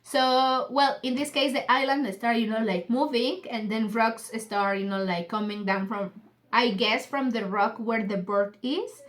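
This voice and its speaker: A woman from Mexico, teaching English in a relaxed way, reading a book aloud and explaining it with lots of fillers. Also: fairly high pitch, measured pace. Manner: casual, explains with many fillers and Spanish glosses. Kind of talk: book club reading lesson.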